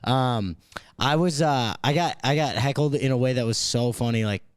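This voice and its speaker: A man's voice: medium pitch, moderate pace, clean tone, dry recording, clean studio sound. A man, a comedian and podcast co-host, telling a story in casual chat with stammering restarts and laughter.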